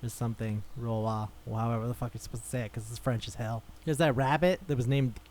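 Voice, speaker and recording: A man's voice: medium pitch, steady tone, fast talker, darkish tone, slight background noise. Rambling, laughing podcast host man. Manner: rambling, swears freely, laughs often. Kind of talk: casual chat.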